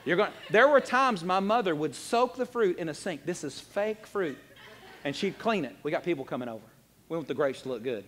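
A man preaching in a high, sharply swinging voice, joking and talking straight to his congregation. His voice carries the long reverb of a church sanctuary. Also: lively intonation, brisk, a bit bright, slight background noise. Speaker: pastor. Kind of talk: sermon.

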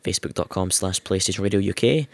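A man from Scotland co-hosting a podcast in easygoing, slightly halting casual chat. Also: low-pitched, no room sound. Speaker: podcast co-host.

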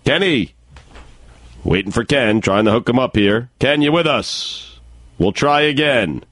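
A man co-hosting sports talk radio in a lively, jokey way on a studio mic. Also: mid-range voice, measured pace, no echo. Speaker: radio co-host.

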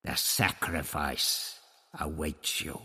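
A man voicing a hostile, limping male priest who snarls and hisses his words slowly in a storybook reading. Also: a bass voice, fairly even intonation, sharp tone, slightly rough, big-room sound, voice pushed down, heavily acted. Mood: snarling. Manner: snarling, hissing, slow and menacing.

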